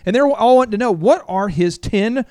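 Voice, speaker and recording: A man hosting a talk radio show, enthusiastic and joking in quick banter. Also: high-pitched, expressive, mellow, dry recording, studio quality. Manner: enthusiastic, joking, rapid back-and-forth. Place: radio studio. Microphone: studio microphone.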